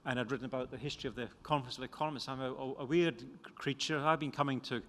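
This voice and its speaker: Speaking very fast in a steady, mid-range, slightly bright voice, an older Scottish man presents his book at a conference. The economist, who is from Scotland, rambles, runs himself down, and restarts often, with lecture hall reverb around him.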